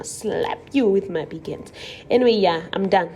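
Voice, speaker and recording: A woman's voice: medium pitch, animated, normal speed, dark tone. A young South African woman hosting a cooking vlog, chatting playfully to viewers with rambling asides as she cooks. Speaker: cooking channel host. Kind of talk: casual cooking vlog narration.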